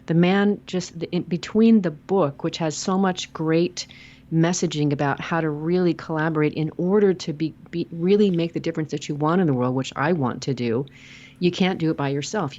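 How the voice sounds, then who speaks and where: Brief: earnest woman interview guest, deep voice, emphatic, dull lo-fi audio. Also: a little mellow. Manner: earnest, emphatic, repeats words when starting a sentence. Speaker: podcast guest, author; radio show host and logotherapist. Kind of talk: casual interview chat.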